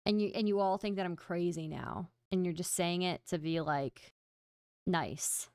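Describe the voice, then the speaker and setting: A woman's voice: fairly low pitch, normal speed, darkish tone, smooth, dry recording, clean studio sound. Playful woman streamer teasing her chat. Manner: playful, self-mocking, talks straight to chat. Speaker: livestream host. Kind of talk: casual stream chat to viewers.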